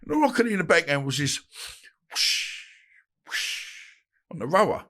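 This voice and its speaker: This man's voice runs a little high and races along as he spins stories during a podcast interview. He's a boxer in his 50s who animatedly performs the phone calls and arguments he recounts, shifting voices for each person he quotes.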